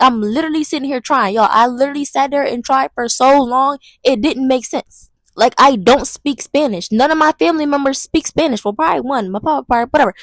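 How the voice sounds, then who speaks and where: A young woman with a high voice delivers a dramatic, slang-heavy storytime vlog. It's a casual monologue, recorded with no room sound.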